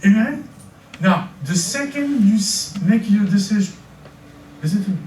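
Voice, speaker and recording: An older man with a French accent preaches in a high voice, tripping over his words and repeating them as he builds his points. He is heard from a distance in an echoey church hall, with a faint hiss of room noise. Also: unhurried. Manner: repeats words, stammering restarts, animated. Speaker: pastor. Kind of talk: sermon.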